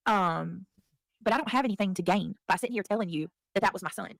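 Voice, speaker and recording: A woman's voice: mid-range voice, quick pace, creaky, a bit bright, no room sound, poor audio. A woman defends herself in a clip, exasperated and insistent, her voice in a middle range. The recording is dry and close. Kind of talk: played clip of a defensive rant.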